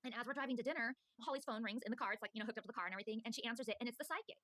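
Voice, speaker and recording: A woman in casual chat, telling a story with lots of fillers. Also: fairly high pitch. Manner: rapid, animated, many fillers. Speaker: podcast co-host telling stories.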